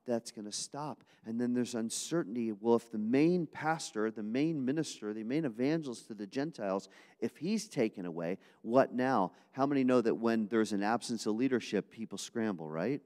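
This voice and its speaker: A man preaching a sermon to his congregation, swinging from hushed asides to loud, impassioned appeals. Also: medium pitch, expressive, normal speed, in a large hall. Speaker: pastor.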